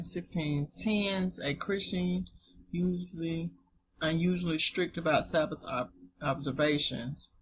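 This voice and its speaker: A woman's voice: low voice, a bit bright, a little hiss or hum. A woman with a Southern US accent, reading dictionary entries aloud to her viewers and breaking off for chatty asides. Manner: chatty, talks straight to viewers as "y'all". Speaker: online Bible etymology presenter.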